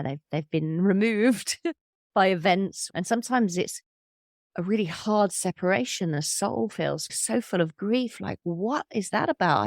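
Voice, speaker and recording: Gravelly reflective woman in her fifties. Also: on the low side, no echo, clean studio sound. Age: 50s. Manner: candid, storytelling, thoughtful with soft laughs. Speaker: podcast host and medium. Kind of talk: reflective interview conversation.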